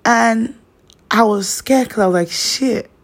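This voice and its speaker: A woman's voice: fairly high pitch, unhurried. A young woman, chatting casually and telling personal stories, rambling with lots of fillers. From Nigeria.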